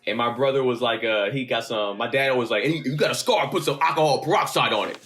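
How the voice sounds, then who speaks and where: A man in his thirties, co-hosting a podcast, telling a story in casual chat, animated and swearing freely. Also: mid-range voice, fast talker. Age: 30s. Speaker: podcast co-host.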